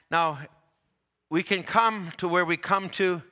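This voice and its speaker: A male preacher delivering a sermon with a bright, forceful voice that sits a little high. He tells stories animatedly, his voice climbing at dramatic points and sinking low and soft for tender ones. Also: takes it slowly. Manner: drops to soft low tones for tender quotes.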